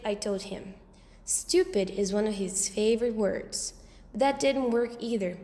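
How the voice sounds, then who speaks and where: A woman with a high voice reads a children's story aloud with lively expression. Her voice rings out in a roomy space with a long reverb tail. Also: moderate pace. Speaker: audiobook reader. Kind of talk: storybook narration.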